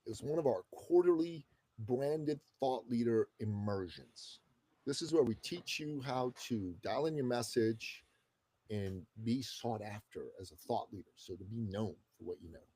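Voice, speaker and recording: A man in his fifties from the Middle East, a guest telling a story in a casual, expressive way and swearing freely. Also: medium pitch, measured pace, husky. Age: 50s. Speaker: guest entrepreneur. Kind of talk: animated storytelling in conversation.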